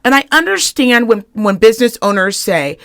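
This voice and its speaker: A woman's voice: a little high, sing-song, normal speed, a bit bright, dry recording, studio quality. A young woman co-hosting a casual podcast, ranting with heavy swearing and acting out the people she quotes. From Reno, Nevada area. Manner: profane, heated, acts out quoted people. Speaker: podcast co-host.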